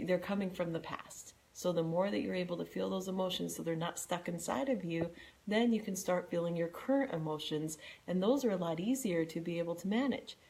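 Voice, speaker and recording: A woman's voice: lowish voice, vocal fry. A woman co-hosting a podcast, giving earnest relationship advice in a conversational way. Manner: earnest, animated when acting out quoted speech. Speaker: podcast co-host.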